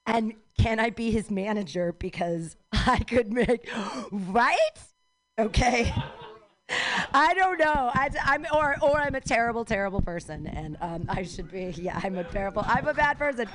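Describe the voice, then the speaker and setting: Animated higher-pitched woman hosting a show. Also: moderate pace. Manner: rambling, animated, self-deprecating. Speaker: show host. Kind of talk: storytelling on a live radio show.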